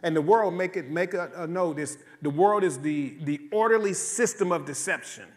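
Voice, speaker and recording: A man's voice: fairly high pitch, normal speed. A male pastor preaching a sermon in a church, with a conversational, joking storytelling style and lots of repetition. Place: church sanctuary.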